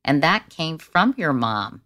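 A woman hosting an interview, her voice notably low. She prompts her guest gently and softly, picking up on what was just said. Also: sing-song, slow. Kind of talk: conversational interview questions.

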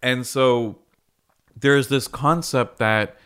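A man's voice: mid-range voice, fairly even intonation, extremely slow, fairly bright tone, clear, resonant tone. A man hosting a podcast, talking through ideas in a conversational, storytelling way with frequent restarts. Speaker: podcast host. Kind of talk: explanatory podcast monologue.

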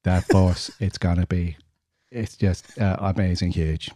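A man putting on a bombastic politician, lower-pitched and mellow, slow drawn-out bragging. The sound is dry and close, with no room echo. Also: fairly even intonation. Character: bombastic boastful male politician impression.

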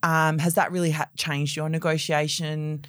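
Low-voiced female podcast host. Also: little pitch movement, normal speed, fairly bright tone, no room sound. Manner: conversational, hesitant questions. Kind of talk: podcast interview.

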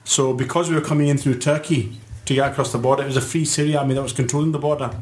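A man, a guest on a panel, telling quick anecdotes with a chuckle in a casual chat. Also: medium pitch, fairly even intonation. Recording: roomy echo.

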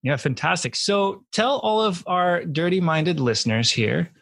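An upbeat man hosts a casual dating podcast interview. His voice is a little husky, and it sounds dry and close with no room around it. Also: sits high, lively intonation, unhurried, a bit bright, dry recording. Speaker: podcast host.

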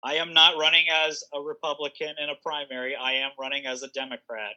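A man's voice: fairly high pitch, level tone, fast talker, bright, forceful tone, poor audio. A young man, a political candidate, telling stories in a casual podcast interview with many fillers and restarts. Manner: rambling storyteller, frequent restarts and fillers, laughs often.

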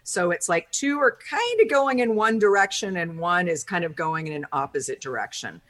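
Her voice is fairly low and fairly bright, swinging widely in pitch at a moderate pace. The woman, a personality-type teacher appearing as an interview guest, chats thoughtfully through her explanations, laughing easily and using lots of fillers.

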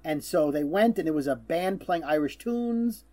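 Mellow-voiced middle-aged man hosting a podcast. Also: fairly high pitch, animated, moderate pace. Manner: storytelling, teasing, stumbles on fillers. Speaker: podcast host. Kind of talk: casual podcast chat.

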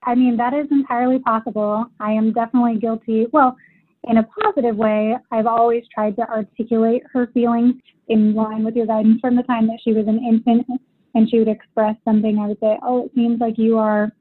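A woman's voice: a little high, level tone, a little fast. A mother calling in to a parenting show, explaining things thoughtfully and at length. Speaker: caller, military mother. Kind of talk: casual consultation call. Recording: tinny phone line.

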